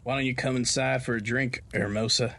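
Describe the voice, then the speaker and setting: A man's voice: mid-range voice, steady tone, a little fast, gravelly, sharp tone. A man doing a sly, cheerful rancher. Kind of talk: audio drama narration.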